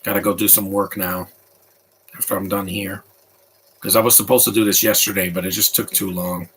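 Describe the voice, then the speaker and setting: A man's voice: low-pitched, level tone, fairly quick, a bit bright, slight background noise, low-quality recording. A man in his thirties giving casual, opinionated live commentary over a movie, rambling with frequent restarts.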